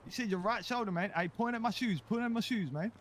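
A man role-plays a street character in a game, slangy and loose. His voice sits high, and he ends almost every sentence with "man". A faint noise hums underneath. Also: fast talker, a bit bright. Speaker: role-play player.

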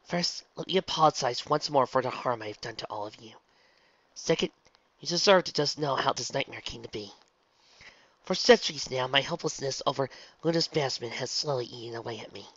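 A man voicing a remorseful, regal female pony princess, speaking in a soft, measured way. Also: medium pitch, no room sound, natural voice. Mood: solemn. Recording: dull lo-fi, dry.

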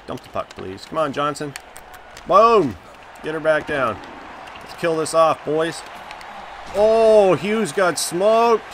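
A man commenting live on the hockey video game he is playing, reacting loudly to each play and groaning at his mistakes. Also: a little high, background noise. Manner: excitable, reacts loudly, groans and laughs at plays. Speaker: gaming channel host.

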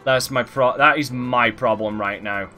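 Crude joking Englishman, bright voice. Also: medium pitch, unhurried, soft background music. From England. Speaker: co-commentator. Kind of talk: casual gaming chat.

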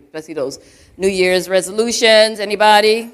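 A woman church elder with a medium-pitched voice preaches briskly to a live congregation in church. Her sermon is conversational and chatty, packed with "you know" asides and questions she puts to the crowd.

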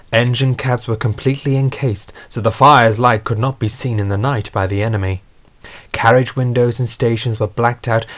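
A man narrating a scripted storybook in a steady, earnest way. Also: medium pitch.

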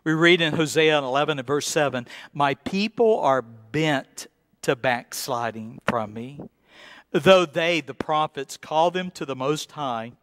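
A male pastor preaching a sermon in an earnest, deliberate way, repeating words and rising into pleading emphasis. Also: a little high, fairly bright tone, no echo.

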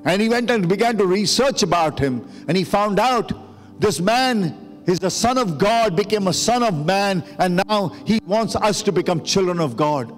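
A pastor whose voice sits high, with lively intonation at normal speed, tells a story during his sermon. It turns emotional and climbs into urgent preaching, with music underneath and the long reverb of a church sanctuary.

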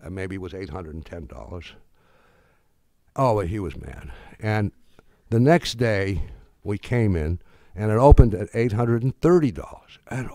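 Older guy giving a talk, kinda low voice, stops and restarts a lot, dry sound. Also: darkish tone, dry recording. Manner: halting, full of restarts and fillers. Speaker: speaker. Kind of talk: anecdotal speech.

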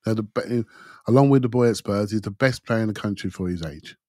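A man's voice: on the low side, brisk, darkish tone, no echo, clean studio sound. A middle-aged man, talking football bluntly and emphatically on a podcast. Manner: blunt and emphatic, says mate. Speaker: podcast pundit. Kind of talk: casual football chat.

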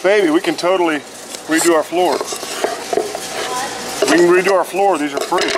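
A man's voice: fairly high pitch, fairly even intonation, normal speed. A man vlogging casually in a parking lot and a home improvement store, joking and swearing as he talks to his viewers. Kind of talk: casual vlog chat. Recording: noisy outdoor and store audio.

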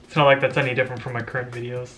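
A man's voice: medium pitch, level tone, racing, a bit bright, faint music behind. A young man casually reacting to his own old video, amused, rambling and often laughing. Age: young adult.

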